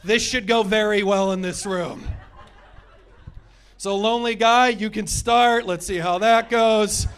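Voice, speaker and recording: A man's voice: high-pitched, steady tone, measured pace, fairly bright tone, smooth. A man in his thirties doing a stand-up comedy set, with crude, sarcastic crowd work. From United States. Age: 30s.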